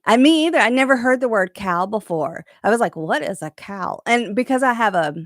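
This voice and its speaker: Chatty encouraging woman, bright voice. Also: fairly high pitch, animated, a little fast, no echo, clean studio sound. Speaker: host of a live crochet chat. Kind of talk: casual live chat. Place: her crafting room at home.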